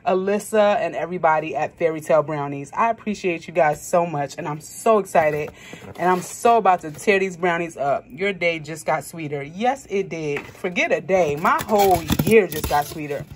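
Young woman, vlogger, animated storytelling, lowish voice, faint background noise. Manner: animated, exclaiming, playful slang. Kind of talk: casual storytelling vlog.

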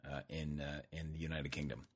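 A man's voice: a bass voice, level tone, a little fast, husky. A man hosting a casual podcast, joking and rambling with frequent restarts. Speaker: podcast host.

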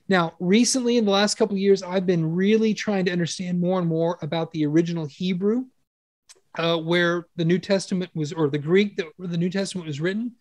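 A man's voice: high-pitched, moderate pace, no room sound, studio quality. A man preaching a conversational sermon with enthusiasm, asking his listeners questions and changing his pace often. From Western country. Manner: enthusiastic, animated, with rhetorical questions to the congregation.

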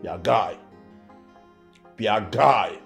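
An actor with a Nigerian accent playing a greedy, boastful grown son who shouts and mixes Igbo with English. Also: male voice, lowish voice, animated, slow, vocal fry, faint music behind, heavily acted. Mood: bitter. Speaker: actor in a film. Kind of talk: Nollywood film drama.

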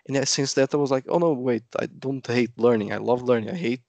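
A man from Brazil, a native Portuguese speaker, chatting as an interview guest with a lively storytelling manner that acts out quotes. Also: medium pitch, quick pace, creaky, no echo, highs cut off. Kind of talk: casual interview chat.

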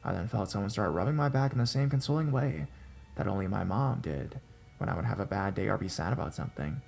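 A man narrating a first-person scary story in a measured, suspenseful way. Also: on the low side, animated, gravelly, darkish tone.

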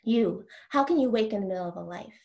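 A woman poet giving a slow, deliberate reading of her own poems, with casual asides and ums between them. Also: on the high side, animated, darkish tone, highs cut off. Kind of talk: poetry reading.

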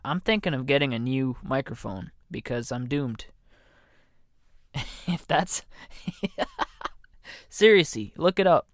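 A man's voice: mid-range voice, dry recording. A man hosting a comedy podcast alone, meandering and self-deprecating, joking about himself as he talks into a studio mic. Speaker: podcast host. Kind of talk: rambling comedy podcast monologue. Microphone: studio condenser mic.

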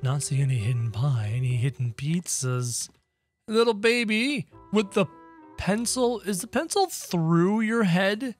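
A man giving playful, excitable let's-play commentary, chatting to game characters and his viewers as he plays. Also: high-pitched, unhurried, soft background music. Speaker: gaming channel host.

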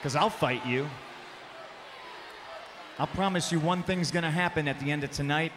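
A man with a high, piercing voice mocks his rival in a sneering wrestling promo and rises to shouts. He speaks into a handheld microphone in a large arena, with long reverb. A faint noise sits behind the speech. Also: moderate pace. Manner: taunting, mocking, often shouting. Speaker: pro wrestling champion.

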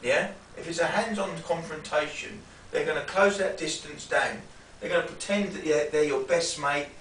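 A man teaching self-defence in a demonstration lesson, often checking in with a quick "yeah?". He speaks from a distance in a roomy space with a faint hiss. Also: fairly high pitch, a bit bright.

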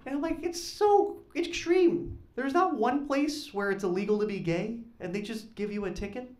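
A man doing a stand-up comedy set on stage, talking in an awkward, deadpan way that rises into loud punchlines. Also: very high voice, normal speed. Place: comedy club stage with live audience. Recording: echoey club with audience noise.

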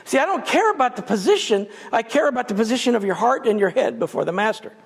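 A man's voice: extremely high pitch, lively intonation, fast talker, gravelly, husky. A man giving a guest sermon in a church, conversational and dotted with humorous asides. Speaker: guest preacher. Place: church sanctuary. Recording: long church reverb.

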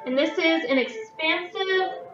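This vlogger speaks in a very high-pitched, unhurried voice as she reviews scented wax products from her kitchen, chatting casually and stumbling over some words in the descriptions she reads out. The mic is distant, the room echoes, the sound is dull and lo-fi, and music plays behind her.

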